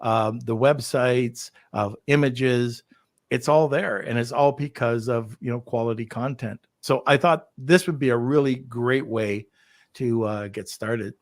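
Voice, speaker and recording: A man hosting a podcast in a relaxed, upbeat way, full of fillers and asides. His voice sits at a middle pitch and the sound is dry and close, with no room to speak of. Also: unhurried, no room sound. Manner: chatty, upbeat, lots of fillers. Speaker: podcast host. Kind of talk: casual podcast chat.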